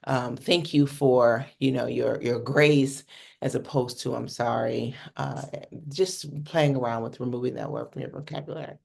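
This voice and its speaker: Blunt, gravelly-voiced communication coach. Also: mid-range voice, steady tone, normal speed, darkish tone. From North America. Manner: casual and blunt, swears freely, asks "right?" often. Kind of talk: workshop teaching talk.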